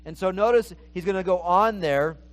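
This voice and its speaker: High-voiced male preacher teaching scripture. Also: moderate pace. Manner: earnest, repeats words as he restarts phrases. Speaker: pastor. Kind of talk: expository sermon.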